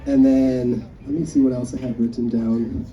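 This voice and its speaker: A man's voice: medium pitch, little pitch movement, normal speed, dark tone, lo-fi sound. A young man giving a memorial speech, telling rambling anecdotes with frequent chuckles, picked up from a distance. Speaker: eulogy speaker. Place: memorial gathering. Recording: distant mic, faint background noise.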